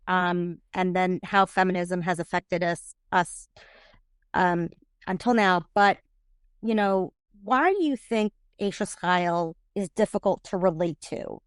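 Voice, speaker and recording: Brief: woman host, mid pitch, smooth, halting questions, dry close mic. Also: no room sound. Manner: halting, many restarts when asking questions. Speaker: podcast host. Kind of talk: podcast interview.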